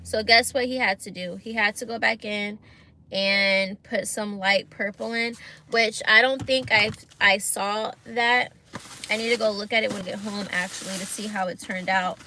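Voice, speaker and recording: A young woman telling a story to her viewers in a casual vlog, animated and exasperated, using slang and talking straight to camera. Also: medium pitch, moderate pace, slight background noise. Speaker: vlogger.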